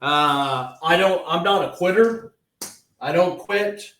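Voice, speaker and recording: Casting a blunt, frustrated male podcast co-host who chuckles through his rants, slightly high voice, roomy sound. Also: slow pace, a bit bright, a little hiss or hum. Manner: blunt, frustrated, laughs often. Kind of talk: casual sports chat.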